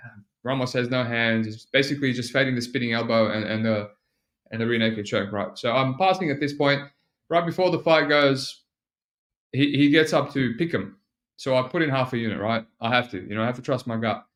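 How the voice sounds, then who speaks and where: A man's voice: medium pitch, fairly quick, fairly bright tone. A man hosting a solo podcast, talking casually and rambling, with lots of fillers and restarts. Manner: rambling, self-mocking, frequent fillers and restarts. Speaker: podcast host.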